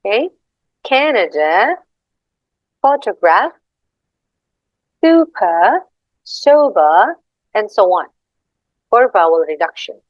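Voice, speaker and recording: A woman's voice: a little high, no echo. Young woman, indonesian accent, student presentation, unsure and apologetic, muffled dry recording. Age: young adult. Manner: hesitant, apologetic, reads slides aloud and repeats example words.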